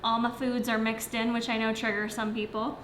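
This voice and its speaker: A young woman fitness coach livestreams from home near the kitchen, eating while she casually answers viewer questions with lots of fillers. Her voice is on the high side, level and brisk, in an echoey room with a noisy background.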